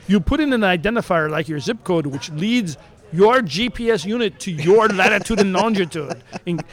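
A man's voice: high-pitched, animated, moderate pace, fairly bright tone. A man hosting a talk show, reading a news story aloud with jokey made-up asides and frequent stumbles over words.

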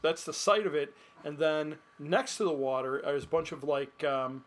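A man co-hosting a casual podcast, relaxed, explaining in halting bits. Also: on the high side. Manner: relaxed, many brief agreements, halting explanations. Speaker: podcast co-host. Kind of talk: casual chat.

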